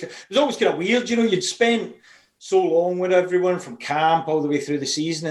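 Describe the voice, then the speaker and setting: A Scottish man hosting a casual chat, telling stories with frequent laughs. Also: a little high. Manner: laughing, chatty storyteller. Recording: roomy echo.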